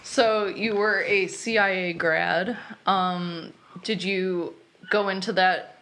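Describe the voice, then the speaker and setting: Woman host, mid pitch, casual and giggly, asks relaxed questions. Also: slow, a little hiss or hum. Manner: giggly, laughs often, loose and chatty. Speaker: podcast host. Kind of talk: casual chat interview.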